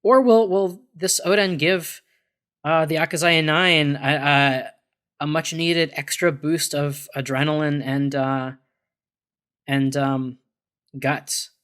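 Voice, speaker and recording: A man's voice: fairly high pitch, steady tone, takes it slowly, fairly bright tone, clean tone. A man on a casual discussion podcast, thinking aloud with many fillers and restarts. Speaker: podcast panelist.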